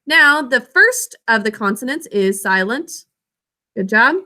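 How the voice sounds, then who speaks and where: High, bright-voiced teacher spelling slowly. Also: female voice, expressive. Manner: clear, slow enunciation of words and sounds. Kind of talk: classroom spelling lesson.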